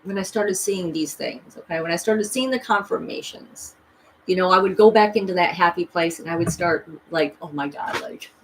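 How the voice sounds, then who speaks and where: A woman's voice: on the low side, normal speed, slight background noise, poor audio. A woman vlogging a rambling, emphatic personal story, full of restarts and voices she quotes. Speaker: spiritual vlogger.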